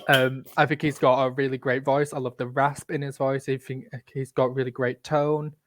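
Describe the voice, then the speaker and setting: A man's voice: medium pitch, level tone, normal speed, no room sound. Blunt Yorkshire man, dry sound. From Yorkshire, England. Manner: blunt, profane and joking. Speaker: podcast co-host. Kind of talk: casual chat.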